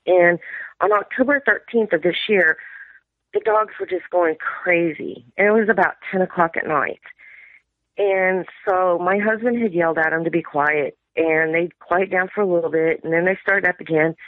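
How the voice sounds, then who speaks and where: A woman's voice: lowish voice, no room sound. Middle-aged female caller on a phone line, rambling storyteller, quotes family in dialogue. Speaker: caller sharing an encounter. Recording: tinny dry phone line.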